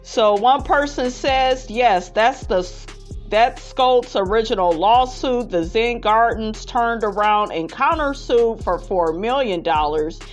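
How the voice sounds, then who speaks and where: A woman's voice: fairly high pitch, takes it slowly, soft background music. A woman hosting a gossip commentary on reality TV, reading viewer comments in a sassy way and calling everyone honey. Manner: sassy, calls listeners honey, prone to laughing fits.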